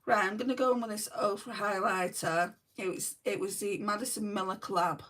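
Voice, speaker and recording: A woman's voice: medium pitch, fairly even intonation, a little fast, a bit bright, far from the mic. A woman with a New Zealand accent hosting a casual makeup livestream, chatting and answering viewer comments as she does her makeup. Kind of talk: casual chat reading live comments.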